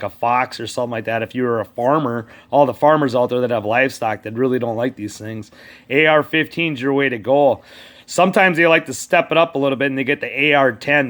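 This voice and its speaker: A man's voice: medium pitch, fairly bright tone. Rambling, profane male vlogger. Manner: rambling, profane, talks to absent politicians. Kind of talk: casual rant to camera.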